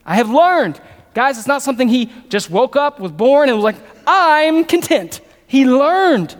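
A man's voice: very high voice, very animated, moderate pace. Man preaching in an echoing hall. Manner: repeats phrases, builds emphasis, asks the audience questions. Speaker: pastor. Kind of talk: sermon. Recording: long reverb of a large hall.

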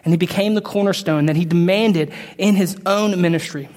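A man preaching a sermon as pastor, talking casually to his congregation and building to loud, emphatic peaks. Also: sits high, fairly quick. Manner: conversational asides to the congregation. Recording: long reverb of a large hall.

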